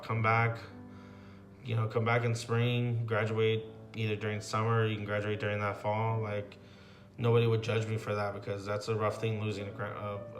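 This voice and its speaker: A young man in his twenties, a graduate student telling his personal story in an interview, speaking haltingly with many pauses and fillers. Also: fairly low pitch, fairly bright tone. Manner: halting, reflective, with frequent ums and likes.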